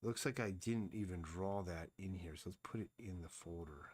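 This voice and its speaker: This comic artist's voice is low, a little mellow and slightly rough, moving at a moderate pace. He streams himself drawing, chatting casually, thinking aloud and often mumbling to himself.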